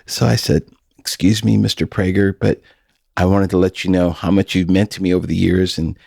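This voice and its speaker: A middle-aged man hosts a casual podcast with a folksy, storytelling way of talking. His voice sits low and sounds dry and close to the mic. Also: level tone, a little fast, creaky, a little mellow, slightly rough, no room sound. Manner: folksy, storytelling, laughs often. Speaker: podcast host.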